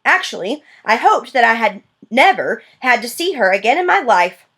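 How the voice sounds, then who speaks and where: Woman, audiobook narration, lively pitch, earnest storytelling. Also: moderate pace, slightly rough.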